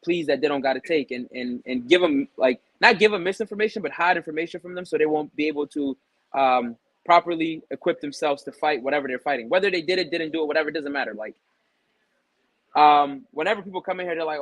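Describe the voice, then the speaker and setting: A young adult man, a barber guest on an interview show, talks casually and tells stories packed with retold back-and-forth dialogue and "um"s. His voice sits a little high for a man. The sound is dry and close, with no room echo. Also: quick pace. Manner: relaxed storytelling with many fillers and retold dialogue.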